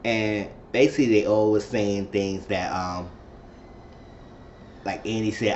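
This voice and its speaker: A man's voice: lowish voice, steady tone, unhurried, pauses often, darkish tone, muffled recording, slight background noise. A man casually recapping a TV episode, chatty and rambling, acting out the quotes as he goes. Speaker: TV episode reviewer.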